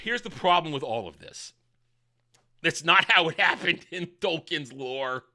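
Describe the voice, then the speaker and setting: A man giving a sarcastic, rambling review of a show, swinging between loud outbursts and mumbled asides. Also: fairly high pitch, expressive, unhurried. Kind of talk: casual ranting review.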